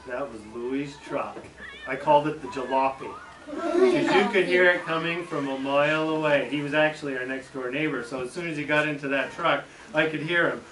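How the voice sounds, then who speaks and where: A middle-aged man tells a story to a room of children, lively and acting out the sounds he describes. His voice sits a little high for a man. The recording is roomy and distant, with steady noise in the background. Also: normal speed. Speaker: school superintendent. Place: classroom.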